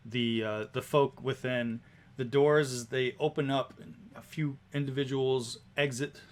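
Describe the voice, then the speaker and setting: Man narrating a tabletop game. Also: mid-range voice. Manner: relaxed scene description with small restarts. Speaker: game master.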